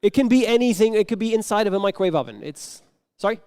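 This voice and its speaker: A man performs an improvised comic story on a conference stage, acting out each exchange and dropping to sudden whispers. His voice sits high for a man. It swings widely in pitch as he plays to the crowd. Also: fast talker, clear, resonant tone. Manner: animated, acts out dialogue with sudden whispers. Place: conference stage before an audience.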